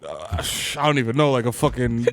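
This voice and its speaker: A man, a podcast co-host telling a story in casual comedic banter, excitable and profane with shouted asides. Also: medium pitch, a little fast, creaky. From the Bronx, New York.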